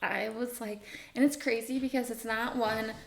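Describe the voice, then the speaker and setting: Gravelly-voiced young woman, excitable podcast chat. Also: a little high, moderate pace. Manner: excitable, laughs often, gushing. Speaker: podcast co-host. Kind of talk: casual chat.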